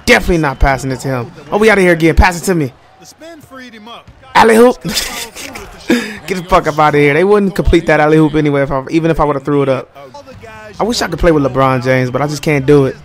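A young man with a slightly higher voice gives loose, playful commentary over a basketball video game. He trash-talks the other team and laughs often. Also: rapid-fire. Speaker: gaming commentator. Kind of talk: casual gameplay commentary.

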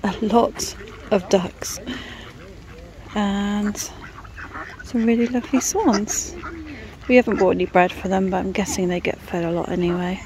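A woman's voice: medium pitch, level tone, moderate pace, rough recording. A middle-aged woman chatting and teasing her husband while vlogging from a moving car, filmed on a handheld camera. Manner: chatty, teasing, laughs often. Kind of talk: casual travel vlog chat. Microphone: handheld camera, no stick. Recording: loud car noise behind.

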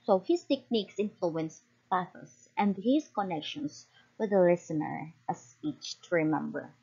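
A young woman student giving a class report, reading from notes with small slips and quick apologies. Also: on the low side, lively intonation, vocal fry, dark tone, breathy edge. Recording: dull lo-fi recording.

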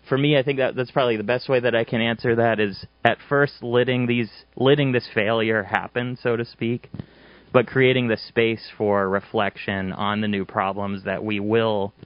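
A man with a low voice gives a thoughtful panel answer, working through his points. The sound is dry and somewhat dull. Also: dry recording. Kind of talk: panel discussion talk.

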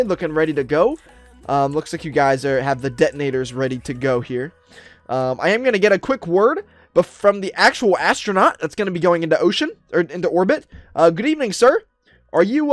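A Roblox roleplay YouTuber narrates a game for his viewers with excitement, upbeat and chatty, using lots of fillers. His voice sits high, and there's no echo.

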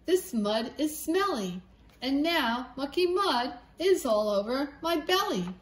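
A woman's voice: high-pitched, very animated, takes it slowly, full character voice. A woman voicing a grumbling male farmer in a children's storybook, in a disgruntled, complaining way. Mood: disgusted. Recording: echoey room.

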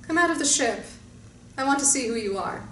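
A woman voicing a huge white male guardian creature who speaks slowly and proudly in a deep, booming way. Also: expressive, a bit bright. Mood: calm proud. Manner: slow, booming, measured. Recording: roomy distant mic with faint hiss.

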